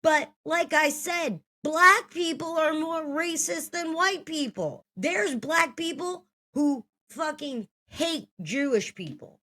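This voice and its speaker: A woman's voice: sits high, expressive, takes it slowly, hardly any pauses, pushed and bright. Blunt, profane woman in her thirties. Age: 30s. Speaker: speaker telling her own story. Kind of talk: heated personal storytelling.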